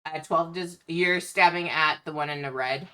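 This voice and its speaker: A woman running a tabletop game as game master, unhurried and laughing often between rulings. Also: sits low, pushed and bright, clean tone.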